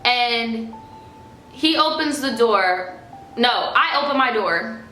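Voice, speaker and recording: A young woman with a bright, fairly high voice tells a personal story straight to the camera. She is blunt and profane and acts out the quoted lines. The room is echoey, with faint music underneath. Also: lively intonation, slow pace. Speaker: vlogger. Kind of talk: casual storytime monologue.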